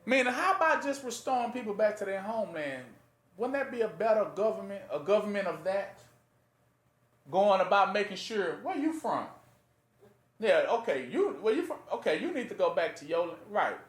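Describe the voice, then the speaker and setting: High-voiced man preaching in an echoey room. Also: lively intonation, fairly quick. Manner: rhetorical fill-in-the-blank questions to listeners; conversational, plain-spoken. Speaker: preacher teaching scripture. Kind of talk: informal Bible teaching sermon.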